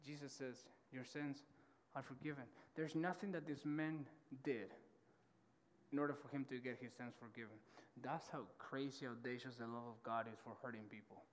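A man's voice: mid-range voice, fairly even intonation, normal speed, long reverb tail, slight background noise. A man preaching a sermon as pastor, fervent and passionate, often repeating words and restarting phrases. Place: church auditorium.

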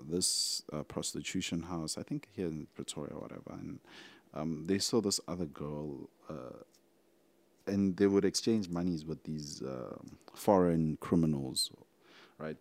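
A man's voice: low-pitched, gravelly, dry recording. Young South African male podcast host, rambling casual delivery, dry close-mic sound. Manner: animated, rambling, talks straight to listeners. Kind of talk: casual solo podcast talk.

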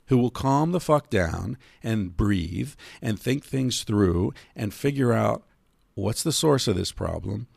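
A man hosting a solo podcast, ranting profanely, dropping low and calm and then rising loud and high. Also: takes it slowly, vocal fry, husky, no echo, studio quality. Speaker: podcast host.

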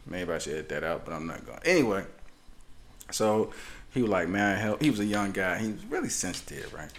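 A man's voice: sits low, very animated, fairly quick. A man in his forties telling rambling stories on a podcast, acting out the people in them. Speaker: podcast co-host. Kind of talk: casual storytelling chat.

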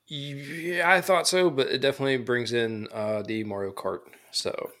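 A man with an ordinary mid-range voice co-hosts a casual podcast. He talks loosely and easily, often pausing on "um" and "uh" as he rambles through his thoughts. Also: medium pitch. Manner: relaxed, rambling, with fillers. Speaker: podcast co-host.

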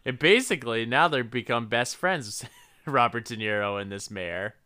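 A man's voice: medium pitch, normal speed, bright, forceful tone, clear, resonant tone. A man co-hosting a podcast, chatting about a movie in a laid-back way with profane, joking asides. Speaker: podcast co-host. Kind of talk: casual movie recap chat.

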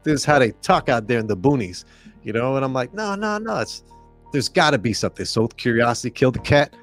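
A man's voice: mid-range voice, fairly quick, soft background music. A young man casually telling a story on a podcast, acting out the voices of the people in it and laughing often. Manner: animated, acts out quoted voices, laughs often. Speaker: podcast storyteller, former club DJ.

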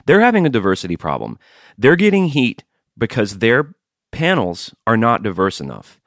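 A man's voice: medium pitch, huge pitch swings, moderate pace, a bit bright, dry recording, clean studio sound. A man co-hosting a podcast, arguing his point in a heated, emphatic way. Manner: heated, argumentative. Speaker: podcast co-host. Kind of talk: casual podcast chat.

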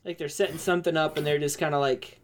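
A woman's voice: low voice, steady tone, background noise. Laughing young woman game master. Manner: laughs often, halting restarts. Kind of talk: narrating a tabletop game.

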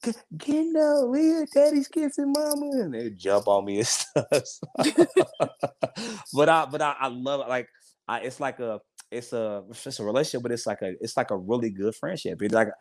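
Appearing as a podcast guest, a man in his 40s with a brisk, mid-range voice opens up in a relaxed interview. His talk is sincere and meandering with many restarted sentences, recorded with no room sound.

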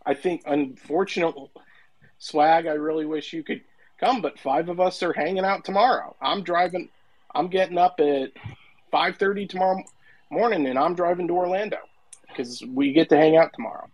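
An earnest man rambling at length in casual podcast chat. His voice sits a bit high, and he keeps going with warm sincerity. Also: normal speed, low-quality recording. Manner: long-winded, earnest. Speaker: podcast regular.

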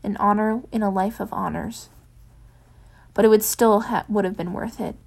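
A woman reads a fan fiction chapter aloud in a soft, unhurried voice. Afterwards she drops into a casual, rambling chat with her listeners, full of ums. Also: medium pitch, creaky. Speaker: fanfiction reader. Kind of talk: audiobook narration of fan fiction.

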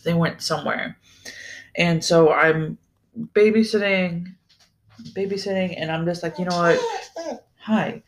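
A man's voice: a little high, steady tone, a little slow, pauses often, a little hiss or hum. Young man rambling casually, swearing freely. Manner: rambling and loose, swears freely, many fillers like "like". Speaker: podcast host. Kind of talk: casual solo podcast chat.

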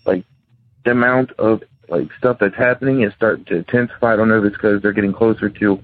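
A man's voice: on the low side, steady tone, fast, no room sound. A man calling in by phone, rambling and hesitant as he tells a personal ghost story, full of restarts and fillers. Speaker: caller telling a ghost story. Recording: tinny phone line.

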